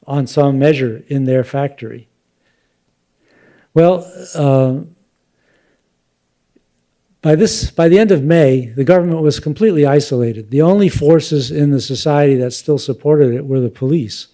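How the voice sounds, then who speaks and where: An older man giving a relaxed academic lecture, thoughtful and unhurried, with fillers and asides. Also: medium pitch. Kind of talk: public lecture with slides.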